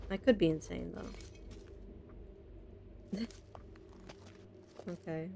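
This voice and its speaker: A woman's voice: fairly low pitch, normal speed, long pauses, background noise. A woman streamer playing a game, talking to herself in a chatty, casual way and laughing often.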